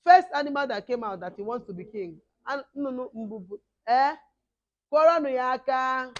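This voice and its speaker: A middle-aged woman with a hoarse voice, leading children at a camp in lively call-and-response. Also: sits high, normal speed, lo-fi sound. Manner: animated, call-and-response, mixing two languages. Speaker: camp teacher.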